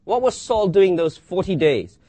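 A man preaching a sermon, reading scripture aloud and asking rhetorical questions with dramatic pauses. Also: high voice, sing-song, mellow, dry recording.

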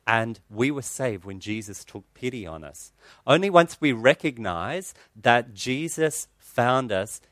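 A man's voice: mid-range voice, a bit bright, no echo. A male pastor, giving an earnest, conversational sermon in a church that includes a personal story.

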